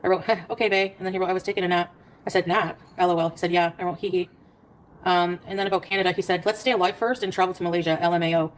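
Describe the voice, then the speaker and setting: Fast-talking woman reading out her messages. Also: lowish voice, fairly even intonation, slight background noise, rough recording. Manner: rapid storytelling, reading out text messages. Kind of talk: casual livestream chat.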